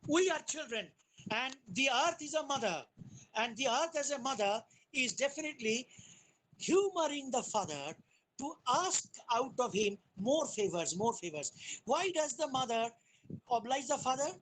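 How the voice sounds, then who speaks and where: A woman giving an academic webinar lecture on poetry over a video call, explaining in a deliberate way and often restarting her sentences. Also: high voice, very animated, rough recording. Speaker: guest lecturer.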